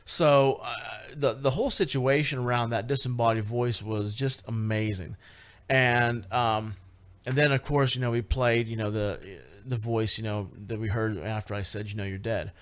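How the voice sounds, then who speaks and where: Radio guest, a man telling a ghost-hunt story, animated and halting, average pitch. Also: clear, resonant tone. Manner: animated, lots of fillers and restarts, rising excitement. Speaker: paranormal investigator guest. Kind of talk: casual radio interview storytelling.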